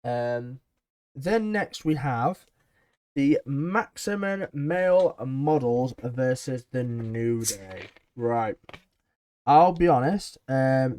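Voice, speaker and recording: A man's voice: medium pitch, lively intonation, takes it slowly, long pauses, darkish tone. A man recapping a wrestling episode in a chatty, enthusiastic way, with frequent ums. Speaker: wrestling show reviewer.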